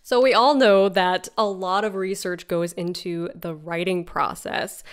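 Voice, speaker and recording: A woman's voice: lowish voice, steady tone, measured pace, clear, resonant tone. A woman hosting a podcast, asking questions with curiosity. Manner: curious, reacts with short exclamations. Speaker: podcast host. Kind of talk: interview questions.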